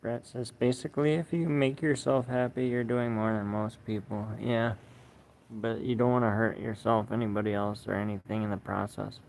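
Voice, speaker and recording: A man's voice: fairly low pitch, level tone, normal speed, vocal fry, a little mellow, a little hiss or hum. A young man hosting a casual livestream outdoors under a tree, reading viewer comments aloud in a laid-back, slangy, profane way. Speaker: livestream host.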